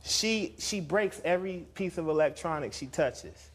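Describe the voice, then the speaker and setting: A man's voice: a little high, expressive, unhurried. A man in his thirties on a TV court show, defending himself and laughing as he talks. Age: 30s. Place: TV studio courtroom. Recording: noisy TV studio audio.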